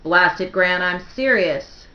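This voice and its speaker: A woman's voice: fairly low pitch, animated, slow, roomy sound, lo-fi sound. A woman voicing an anxious teenage boy. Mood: urgent. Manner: urgent, pleading, insistent. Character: anxious sixteen-year-old boy heir, pleading.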